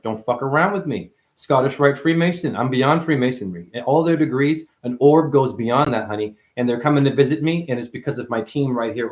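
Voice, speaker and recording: A man delivering a rambling spiritual monologue, profane and full of wordplay, who calls the listener honey and swings from mutters to excited outbursts. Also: medium pitch. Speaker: spiritual speaker. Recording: roomy echo.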